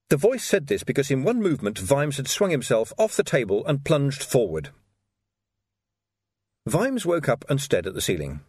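A man's voice: medium pitch, very animated, normal speed, a little mellow, breathy edge, no room sound, clean studio sound. A man narrating an audiobook expressively, acting out the characters.

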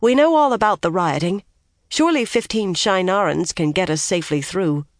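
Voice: medium pitch, lively intonation, moderate pace, no echo, clean studio sound, close to an everyday voice. A reader as a firm young woman who gives orders. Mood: insistent. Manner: firm, insistent.

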